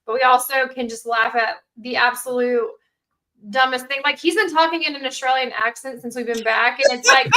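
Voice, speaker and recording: A woman's voice: high-pitched, fairly even intonation, brisk, background noise. A woman guest on a podcast, chatting candidly and casually, with lots of "like". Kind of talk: casual chat.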